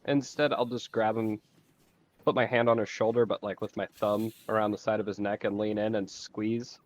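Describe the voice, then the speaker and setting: A man's voice: lowish voice, little pitch movement, normal speed. A man playing a tabletop game, talking casually and joking. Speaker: player.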